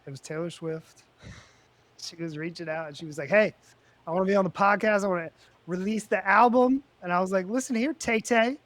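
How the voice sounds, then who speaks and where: A man with a high voice spins casual podcast stories. He talks loosely, with plenty of slang, and jumps up in pitch and volume when he acts out a showdown. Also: brisk, no echo. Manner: animated storyteller, loud and high when retelling confrontations. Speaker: podcast co-host. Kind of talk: casual podcast banter and storytelling.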